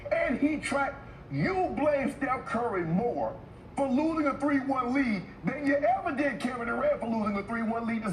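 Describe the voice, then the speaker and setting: A man's voice: very high-pitched, reverberant, far from the mic, a little hiss or hum, poor audio. A man arguing insistently in a sports debate, cutting in and pressing his point. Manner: insistent, interrupts.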